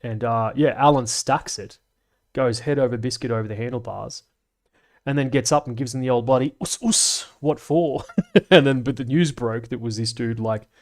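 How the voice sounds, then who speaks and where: A man's voice: medium pitch, steady tone, moderate pace. Male streamer, casual rambling chat, cheerfully sweary, frequent laughs. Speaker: livestream host. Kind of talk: casual livestream chat reading comments.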